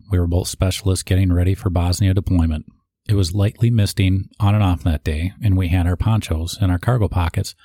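Reading written tributes aloud as a eulogy reader, a man now and then breaks off with personal asides and restarts. His voice is deep with a warm tone. The sound is clean studio audio without echo.

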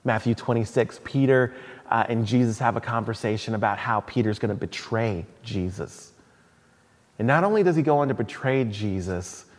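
Casual-toned male preacher in echoing hall. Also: fairly low pitch. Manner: conversational, with asides and restarts. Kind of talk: sermon. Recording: long hall reverb.

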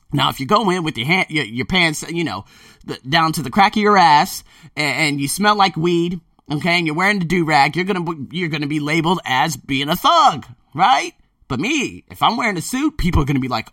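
A man talking casually to his viewers, emphatic and animated, often repeating himself. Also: a little high, a little fast, no echo, clean studio sound, distant mic. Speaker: vlogger. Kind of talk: casual monologue to camera. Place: Thailand.

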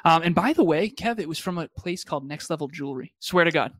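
A man's voice: fairly high pitch, animated, fast, a bit bright, dry recording. A man co-hosting a motivational talk show, earnest and reflective, often restarting his sentences. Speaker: podcast co-host.

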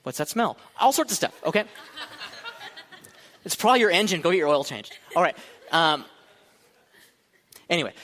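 This pastor, in his thirties, speaks in a somewhat high, slightly bright voice while joking his way through a relaxed sermon for college students. He dramatizes what's going on in his head, and the church hall adds a long, echoing reverb.

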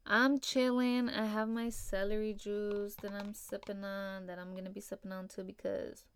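A woman's voice: mid-range voice, flat delivery, moderate pace, a little hiss or hum. A young woman hosting a casual solo podcast, talking in a laid-back, upbeat way and filling her speech with "like" and "you know". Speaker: podcast host.

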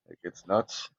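A man casually telling profane, rambling stories in a podcast interview, chuckling often. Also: lo-fi sound. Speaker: guest, former prisoner.

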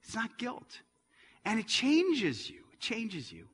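A middle-aged man preaches in a church, his bright, ringing voice sitting slightly high. It swings between loud, forceful passages and hushed, quiet ones. A long reverb trails every phrase. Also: huge pitch swings, slow pace, husky. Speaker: pastor. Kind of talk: sermon.

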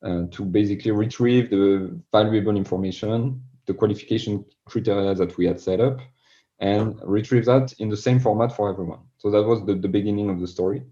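French-accented man, dark muffled voice. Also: fairly low pitch, brisk. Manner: earnest, repeats words when explaining. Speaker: guest. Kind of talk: podcast interview.

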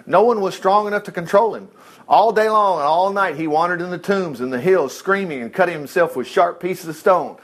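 A man's voice: high voice, brisk, a bit bright. A man preaching a sermon in a folksy, exclamatory way.

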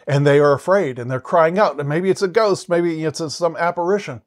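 Male Bible teacher, slightly higher register, earnest and explanatory, loose delivery with frequent restarts. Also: fairly quick.

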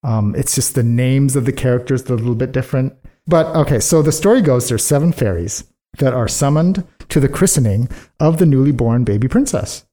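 A woman co-hosting a casual podcast, retelling a fairy tale with a giggle and quick put-on voices for the characters. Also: a bass voice, warm tone. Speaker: podcast co-host.

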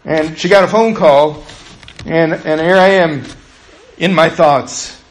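High-voiced man preaching a fervent sermon. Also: slow pace, pauses often, echoey room, poor audio. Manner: passionate, rising to urgent preaching. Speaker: pastor.

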